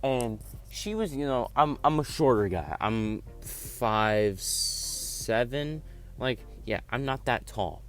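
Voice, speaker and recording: A man's voice: lowish voice, animated, slow pace, soft background music. A teenage guy telling a school story casually, rambling with lots of fillers. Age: teens. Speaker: vlogger. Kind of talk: storytime vlog.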